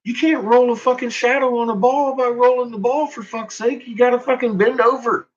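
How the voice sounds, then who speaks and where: On a dull, lo-fi recording, a man with a very high, steady voice talks fairly quickly. His profane, casual rant is full of exasperation, frequent swearing, and laughter at his own remarks.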